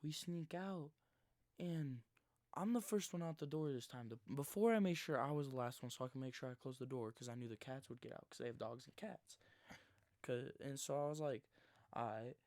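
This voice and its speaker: Gravelly young dude in his 20s telling a story, rambly and slangy, dry close sound. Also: mid-range voice, normal speed, no echo. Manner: rambling, slangy, dropping to a hushed near-whisper for tense moments. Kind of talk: casual first-person storytelling.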